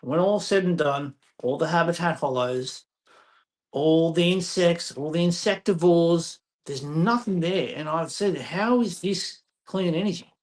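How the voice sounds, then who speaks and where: A man's voice: fairly high pitch, a little slow. Blunt, exasperated Australian man. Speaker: fauna spotter. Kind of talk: casual chat.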